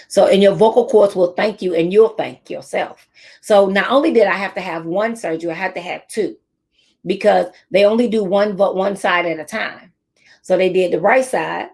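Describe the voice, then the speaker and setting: A woman's voice: mid-range voice, a little mellow, breathy edge. A middle-aged woman teacher and speaker giving a motivational talk to teachers, telling stories and repeating her key phrases.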